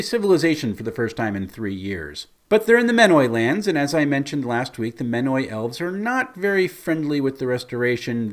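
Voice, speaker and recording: A man, a game master, chatting through what happened in his tabletop campaign with an amused storyteller's manner. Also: mid-range voice. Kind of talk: recounting a tabletop game session.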